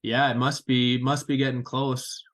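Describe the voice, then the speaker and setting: A man's voice: mid-range voice, level tone, unhurried, a bit bright, rough recording. Thirty-something male podcast host. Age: 30s. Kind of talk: scripted intro, then casual interview.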